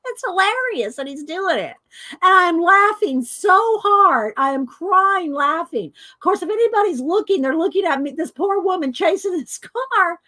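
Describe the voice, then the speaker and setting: A woman's voice: very high-pitched, fairly bright tone, no room sound. A middle-aged woman, telling rambling stories and laughing often while she colors on camera. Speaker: coloring video host. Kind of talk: casual storytelling while coloring.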